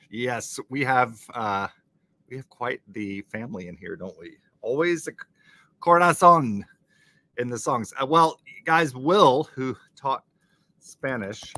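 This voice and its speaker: A man's voice: mid-range voice, bright, forceful tone, dry recording. A man hosting a casual live-stream crossword show, chatting with viewers and laughing often with jokey asides. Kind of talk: casual live-stream chat, reading chat comments.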